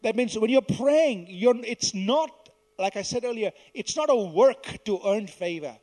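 A man preaching a sermon, teaching verse by verse and asking the congregation to repeat lines after him, swelling loud on key words and dropping soft at the ends. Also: high-pitched, animated, a little slow.

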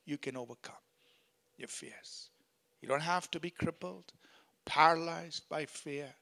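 A man's voice: on the high side, fairly bright tone. A man preaching a sermon in church, leading the congregation in reading scripture aloud and urging them on with repeated phrases. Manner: exhorting, repeats phrases for emphasis. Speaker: pastor.

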